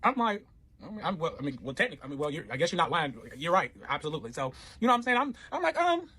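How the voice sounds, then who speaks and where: Guy spilling a wild story super fast, swearing constantly, kinda raspy, pitch a bit up. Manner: profane, rambling, animated. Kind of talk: casual storytime.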